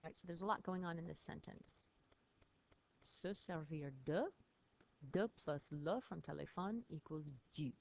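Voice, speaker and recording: A woman teacher explains French phrases patiently in a recorded lesson. Her voice sits fairly low, and she spells words out letter by letter. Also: measured pace, creaky.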